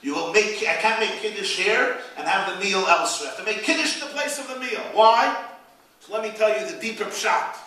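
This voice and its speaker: A man, a rabbi, giving an animated inspirational speech with storytelling, his voice rising to loud peaks. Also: sits high, fairly quick. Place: event hall. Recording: echoey hall, speaker far from the mic.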